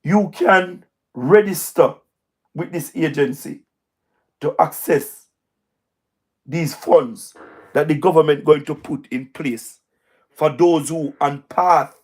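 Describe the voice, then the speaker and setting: A man with a Jamaican accent giving emphatic, repetitive political commentary on a livestream, his voice going hoarse. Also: a little high, slow pace, long pauses. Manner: repetitive, emphatic, speaks in patois. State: hoarse, voice wearing out. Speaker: livestream host. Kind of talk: live-stream political commentary.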